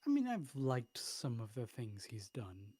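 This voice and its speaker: Blunt Irish man, mellow voice. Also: mid-range voice, huge pitch swings, measured pace, slightly rough, dry recording. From Ireland. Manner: blunt, swears freely, argumentative. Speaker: podcast co-host. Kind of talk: casual chat.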